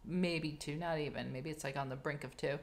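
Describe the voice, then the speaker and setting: A woman's voice: low-pitched, fairly even intonation, brisk, creaky, a little hiss or hum. A woman co-hosting a podcast, telling stories in a chatty casual way with frequent restarts. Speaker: podcast co-host. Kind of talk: casual chat.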